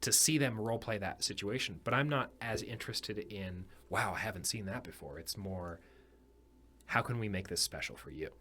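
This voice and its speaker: A man's voice: lowish voice, moderate pace, bright, forceful tone. A man from North Carolina, a guest on a podcast, talking in a reflective, earnest way with many fillers. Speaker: podcast guest, artist and dungeon master. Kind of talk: casual podcast chat.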